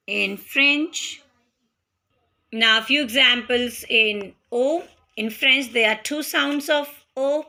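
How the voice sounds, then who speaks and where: A woman tutor with an Indian English accent, teaching a slow, careful language lesson. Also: high voice, pushed and bright.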